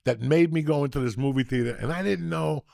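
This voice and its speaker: Man, middle-aged, gravelly voice, swears a lot, animated storyteller, dry close sound. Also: fairly high pitch, fast talker, no room sound. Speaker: podcast host. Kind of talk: casual storytelling chat.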